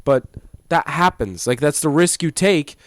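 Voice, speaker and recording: A man's voice: a little high, animated, unhurried. A man co-hosting a casual sports podcast, chatty and leading the segments. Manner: chatty, leads segments, laughs often. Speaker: podcast co-host.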